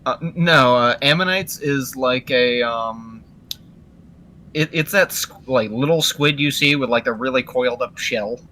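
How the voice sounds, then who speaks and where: A man's voice: medium pitch, unhurried, pushed and bright, slight background noise. A man chatting casually on a podcast, rambling and searching for words with many fillers. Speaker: podcast co-host. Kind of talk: casual chat.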